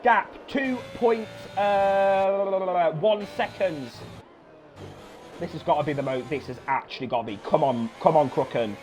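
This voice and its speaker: A young man giving live sim-racing commentary, excitable, swearing and shouting encouragement at the drivers. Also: a little high, a little slow, a little hiss or hum. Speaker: race commentator.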